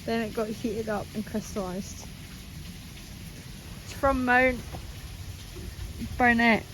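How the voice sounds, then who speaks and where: A woman's voice: fairly high pitch, steady tone, slow pace, fairly bright tone, rough recording. A young woman chatting casually as a travel vlogger while sightseeing, giggly and thinking aloud with plenty of fillers. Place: walking outdoors and through a museum, filming on a camera. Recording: clear background noise from outdoor surroundings.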